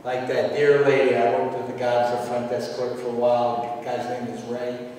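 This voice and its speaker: A man preaching a sermon as pastor, emphatic and dramatic, with sudden loud outbursts. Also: mid-range voice, monotone, a little fast, a little hiss or hum. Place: church sanctuary. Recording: echoey church hall from far off.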